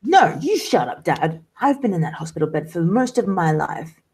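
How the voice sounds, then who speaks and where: A woman's voice: on the low side, expressive, a little fast, a little mellow, breathy edge. A woman playing a defiant, sarcastic daughter. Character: defiant young adult daughter.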